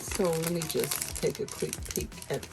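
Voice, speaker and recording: A woman's voice: low-pitched, measured pace, heavy background noise. A woman chatting casually at her home desk as she unboxes gifts for her viewers, gushing with delight. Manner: gushing, breathy exclamations of delight. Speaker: unboxing vlogger.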